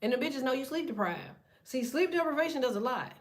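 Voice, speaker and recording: A woman's voice: sits high, expressive, fast. A woman giving a casual tarot reading, talking bluntly with heavy profanity and a preachy edge. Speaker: tarot reader.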